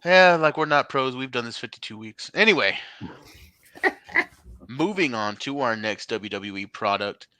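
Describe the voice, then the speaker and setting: A man's voice: medium pitch, animated, unhurried, bright, forceful tone, no room sound. A man co-hosting a casual wrestling podcast, rambling and joking, swearing freely. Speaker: podcast co-host.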